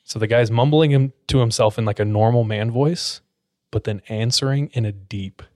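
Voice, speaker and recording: A man's voice: mid-range voice, normal speed, a little mellow, no echo. A man telling a creepy story to friends in a casual, suspenseful way with plenty of fillers, close to the mic. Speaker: podcast storyteller.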